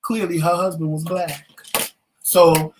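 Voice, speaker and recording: Against a noisy background, a man on the high side speaks slowly while co-hosting a casual talk show. He narrates a story animatedly, performing the voices and quotes of its characters.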